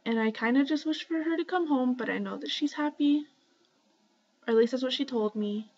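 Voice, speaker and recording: A young woman at home talking casually to her camera in a rambling shoutout vlog, full of ums and likes. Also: high voice, a little fast. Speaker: vlogger. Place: home, indoors. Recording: slightly dull lo-fi webcam audio.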